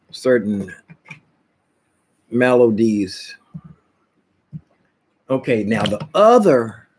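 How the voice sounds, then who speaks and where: A man's voice: lowish voice, a little hiss or hum. A man casually vlogging at home, rambling and jumping between topics with many restarts.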